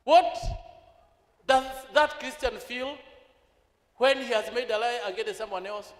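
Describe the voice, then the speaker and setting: Man, Kenyan accent, sermon, very high-pitched, long church reverb, code-switching into Swahili. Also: unhurried. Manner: asks the congregation rhetorical questions; switches into Swahili mid-sentence. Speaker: preacher. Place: church hall. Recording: echoey reverberant church hall.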